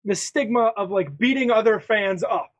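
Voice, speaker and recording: A man's voice: high-pitched, moderate pace, a bit bright. A man hosting a sports prediction podcast, chatting casually in a presenting style, often restarting his sentences. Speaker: podcast host. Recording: dull lo-fi sound.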